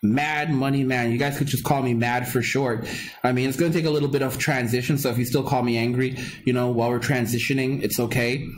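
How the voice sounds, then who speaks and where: Speaking fairly quickly in a steady, medium-pitched voice, a livestream host talks over a faint hiss or hum. He's casual and rambling as he reads viewer comments and chats, circling back repeatedly with lots of restarts and laughter.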